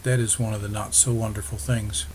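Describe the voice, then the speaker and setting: A man voicing a gentle, practical Irish settler who speaks calmly and reassuringly to his wife. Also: on the low side, brisk, slight background noise, natural voice.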